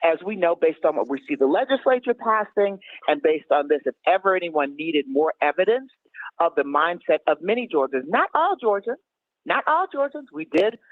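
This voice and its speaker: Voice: mid-range voice, no echo. A radio panel guest speaks emphatically, repeating points for weight. The voice is heard over a tinny, phone-like line with a dry, close sound.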